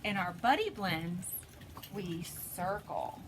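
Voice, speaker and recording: A woman teaching a phonics lesson to preschoolers, sounding out letters slowly and deliberately, recorded at home. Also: lowish voice, expressive. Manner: slow, deliberate, sounds out letters for little kids. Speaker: pre-K teacher. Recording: noisy home video recording.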